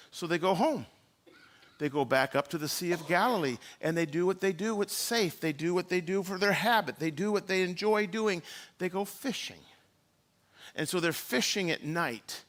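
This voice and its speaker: A man's voice: high-pitched, a bit bright. A man preaching a sermon in a church, telling the story and acting out the quoted lines. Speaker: pastor.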